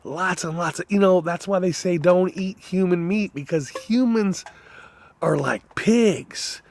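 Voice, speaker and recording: A man in a rambling, profane monologue whose voice swings between loud outbursts and low mutters. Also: unhurried, vocal fry.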